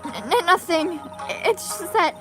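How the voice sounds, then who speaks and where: A woman's voice: very high voice, sing-song, unhurried, over music, exaggerated voice. A woman voicing an earnest, emotional young woman who stammers while reading a game aloud. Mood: shaken.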